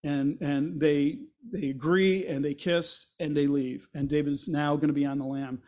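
High-voiced pastor retelling scripture. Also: male voice, a little slow. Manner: retells scripture in lively, casual storytelling; acts out quoted voices with rising intensity. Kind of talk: sermon.

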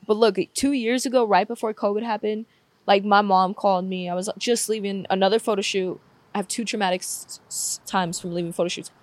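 A woman's voice: medium pitch, steady tone, a little fast, no room sound. A young woman telling a painful personal story with candor and frequent swearing, close to tears at times. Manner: candid, swears often, says "like" a lot. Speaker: podcast guest.

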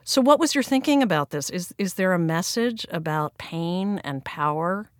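Low-voiced woman interviewer. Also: animated, normal speed, dry recording, studio quality. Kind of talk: interview conversation.

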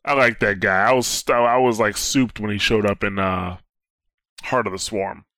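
A man chatting casually about video games on a podcast, animated and laughing often, with casual swearing. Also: lowish voice, moderate pace, no room sound, clean studio sound. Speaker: podcast co-host. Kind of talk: casual gaming chat.

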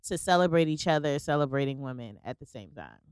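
A woman co-hosting a podcast in relaxed, upbeat casual chat, with plenty of "um" fillers. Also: low-pitched, fairly quick, clean tone, no echo, clean studio sound. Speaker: podcast co-host.

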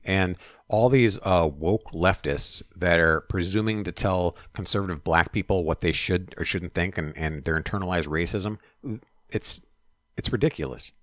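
A man's voice: sits low, normal speed, a bit bright, no room sound, clean studio sound. A man co-hosting a casual political chat, talking bluntly with profanity and frequent restarts.

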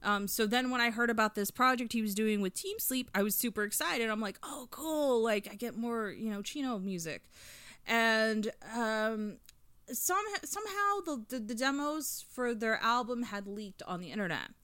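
Chatty woman with a bright, crisp voice. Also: on the high side, animated, normal speed, dry recording. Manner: chatty, many fillers, enthusiastic storytelling. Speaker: podcast co-host reviewing an album. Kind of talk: casual podcast chat.

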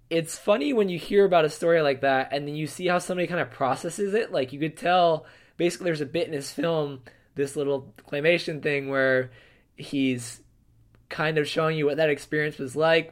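A male host talks in a slightly raised voice, easygoing and chatty. He introduces a clip with loose fillers and a relaxed flow. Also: a little high. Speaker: podcast host. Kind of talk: casual chat.

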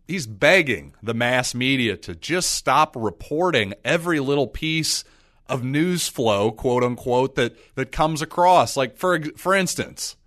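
A middle-aged man hosting his own podcast, talking through his views with sarcastic, animated asides and mocking impressions. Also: mid-range voice, a little slow, no echo, studio quality. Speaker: podcast host. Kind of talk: casual solo commentary.

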